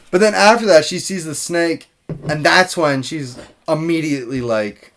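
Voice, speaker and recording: A man's voice: fairly high pitch, lively intonation, slow, pauses often, a bit bright, slight background noise. A man co-hosting a casual movie review podcast, rambling and laughing with plenty of filler words. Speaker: podcast co-host.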